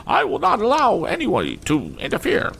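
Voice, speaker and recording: A man voicing a haughty, pompous mother who speaks in a shrill, imperious way. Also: wildly swooping pitch, moderate pace, creaky, fairly bright tone, slight background noise, exaggerated voice.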